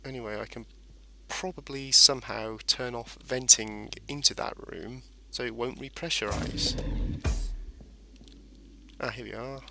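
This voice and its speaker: A man's voice: mid-range voice, steady tone, a little slow, creaky, pushed and bright, a little hiss or hum. A man casually commentating a space game as he plays, rambling and explaining each step. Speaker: gameplay commentator. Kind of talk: casual let's-play commentary.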